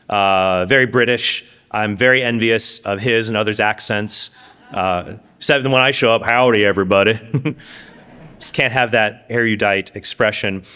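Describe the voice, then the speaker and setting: A man giving a lively lecture at a conference, with quick asides and self-corrections. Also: medium pitch. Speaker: speaker giving a conference talk. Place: conference stage before an audience.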